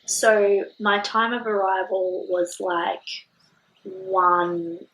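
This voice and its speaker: Woman, young adult, casual storytelling, animated, lots of "like" fillers. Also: mid-range voice, extremely slow, noisy background. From Australia. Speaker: podcast guest.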